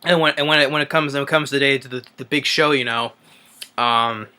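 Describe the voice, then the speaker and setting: A man's voice: mid-range voice, fairly even intonation, a little fast, bright, forceful tone, smooth. Rambling young man recapping a movie. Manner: rambling, many fillers and restarts. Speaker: movie reviewer. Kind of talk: casual spoken movie recap.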